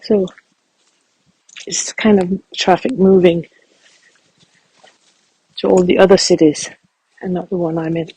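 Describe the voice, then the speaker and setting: A man speaking softly and reflectively as he guides a walking meditation outdoors in a field. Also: high voice, a little slow, pauses often, slightly rough, dry recording, poor audio. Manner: calm, reflective, soft-spoken.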